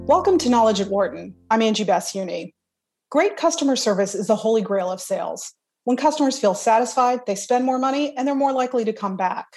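A woman hosting a podcast, reading a scripted introduction and then asking interview questions in a clear, measured way. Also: a little high, expressive, a little mellow, faint music behind. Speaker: podcast host.

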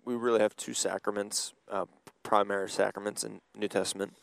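A man's voice: fairly low pitch, level tone, brisk, vocal fry. A man hosting a youth church podcast in casual chat, laughing often and trailing off mid-thought. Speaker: youth pastor and podcast host.

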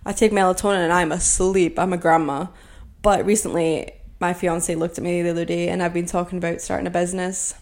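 A woman in her twenties chats alone on her podcast in a slightly low voice. She rambles and pokes fun at herself, filling her talk with "like." The tone is loose and self-mocking. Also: flat delivery, a little fast, a little mellow. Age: 20s. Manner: rambling, filler-heavy with frequent "like"; self-deprecating, joking. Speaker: podcast host. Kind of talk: casual solo chat.

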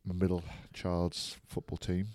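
A man's voice: low-pitched, monotone, unhurried, warm tone, no echo. A man chatting casually about his weekend, rambling and laughing at his own jokes. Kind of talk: casual banter.

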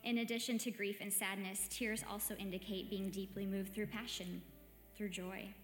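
A woman gives a gentle, reflective devotional talk, easing through her thoughts with soft hesitations. Her voice rings through an echoey space with a long reverb tail, and faint music sits low behind her. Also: level tone, moderate pace. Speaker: meditation host.

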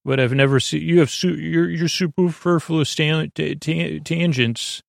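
Creaky, meandering sleep-podcast man. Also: fairly high pitch, steady tone, dry recording, clean studio sound. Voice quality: creaky, dulcet tones. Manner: meandering, full of fillers, restarts and pointless tangents; slow, drowsy, lulling delivery. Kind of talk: rambling bedtime monologue.

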